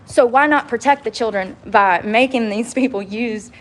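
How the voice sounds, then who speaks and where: Casting: fired-up woman livestream host, higher voice, blunt and profane, faint noise behind. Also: normal speed. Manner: heated, profane, repetitive. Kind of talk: casual livestream rant.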